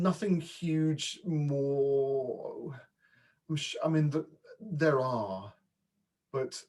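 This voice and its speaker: A man who works as a voice and dialect coach, talking casually as a podcast guest and stumbling over quick restarts. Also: mid-range voice, darkish tone. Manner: chatty, with frequent false starts and repeats. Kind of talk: casual interview chat.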